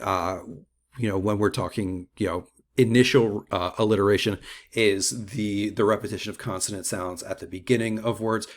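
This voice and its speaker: A man teaching an unscripted mini lecture, talking loosely with many fillers and restarts. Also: lowish voice.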